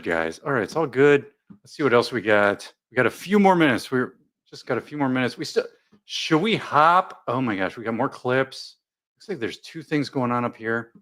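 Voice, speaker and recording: Lively, jokey male live-stream host. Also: mid-range voice. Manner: jokey, rambling, reads viewer comments aloud. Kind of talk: casual live commentary chat.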